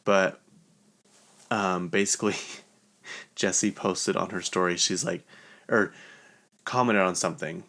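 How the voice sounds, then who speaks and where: Low gravelly man rambling in casual gossip. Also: fairly even intonation, unhurried, long pauses, sharp tone. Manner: chatty, rambling, heavy use of "like" fillers. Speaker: podcast host. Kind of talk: casual gossip recap of a reality show.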